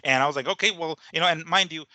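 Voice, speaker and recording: A man's voice: on the high side, fast talker, sharp tone, no room sound. A man co-hosting a casual boxing talk show, emphatic and profane. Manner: emphatic, swears, backs up his co-host.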